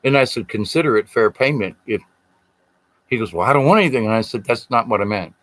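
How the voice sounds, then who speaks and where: A middle-aged man from the Southern United States tells a personal story casually, as a spiritual storyteller. His mid-range voice is a bit bright, with lively intonation and a fast pace; he rambles earnestly and acts out quoted voices. The recording quality is low.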